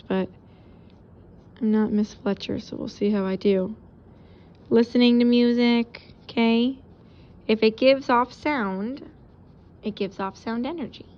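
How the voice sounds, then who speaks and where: Woman teacher talking thru notes while she doodles, kinda high voice, dull lo-fi sound. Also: a little mellow. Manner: casual, explains while drawing. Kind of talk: recorded classroom lesson.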